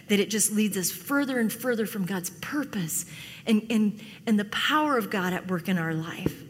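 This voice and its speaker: A woman preaches a sermon at a middle pitch, telling a story with animated asides and voicing the characters in quick bursts. Her voice carries a long reverb, as if heard across a large church hall. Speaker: pastor.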